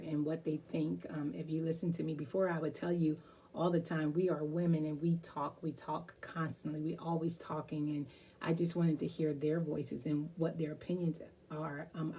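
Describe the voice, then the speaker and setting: A woman's voice: slight background noise, low-quality recording. A woman hosting a live online talk show, talking casually with many fillers and eagerly repeating herself. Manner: gets louder and higher calling to a guest.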